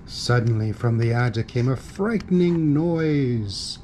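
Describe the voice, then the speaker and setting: A man reading a children's storybook aloud in an unhurried, expressive way. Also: mid-range voice, a little hiss or hum. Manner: unhurried and expressive, with wry asides. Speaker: reader.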